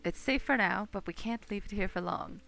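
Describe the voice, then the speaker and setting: A woman's voice: medium pitch, brisk, gravelly, bright, forceful tone, soft background music. A woman reading the lines of an anxious visitor searching for a missing brother, aloud from a game. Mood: earnest.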